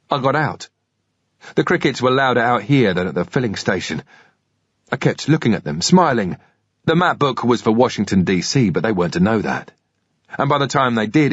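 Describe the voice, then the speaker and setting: Man, audiobook narrator, husky voice, steady measured reading, dull lo-fi dry recording. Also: mid-range voice, no echo.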